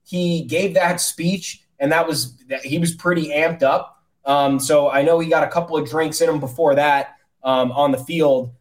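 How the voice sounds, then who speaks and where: A man's voice: a little high, steady tone, moderate pace, poor audio. A man co-hosting a sports podcast in loose, joking casual chat, with frequent fillers and restarts.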